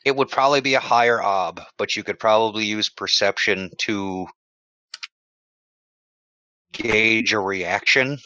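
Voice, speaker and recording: Man explaining rules, bright low voice, slightly muffled dry recording. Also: a little slow, long pauses, no room sound. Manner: stammering restarts while explaining. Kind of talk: casual tabletop game chat.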